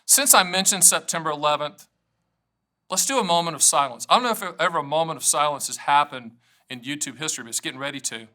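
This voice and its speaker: Bright, high-voiced upbeat American man. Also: fast. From United States. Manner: playful, self-mocking, jumps between jokes and explanation. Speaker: annuity agent and show host. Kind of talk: energetic solo video monologue to camera.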